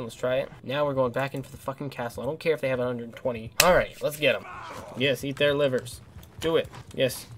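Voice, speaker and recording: Young guy narrating his game run, mid-pitched, loud and sweary when things go wrong. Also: slight background noise. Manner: excitable, swears a lot, yells at enemies. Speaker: gaming channel host. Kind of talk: let's play commentary.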